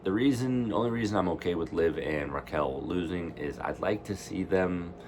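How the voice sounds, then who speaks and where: A man's voice: sits low, normal speed, background noise. A man casually ranting in a reaction vlog, rambling and opinionated. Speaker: wrestling fan vlogger.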